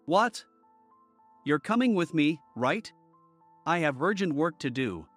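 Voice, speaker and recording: A man's voice: fairly high pitch, big pitch swings, unhurried, faint music behind. A man voicing an anxious, bumbling male employee who sounds jumpy and pleading. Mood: alarmed.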